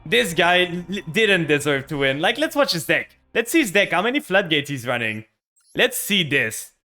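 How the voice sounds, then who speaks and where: Bright-voiced man ranting over a card game. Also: fairly high pitch, sing-song, normal speed, faint music behind. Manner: frustrated, ranting about his opponent. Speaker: streamer. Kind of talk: live gameplay commentary.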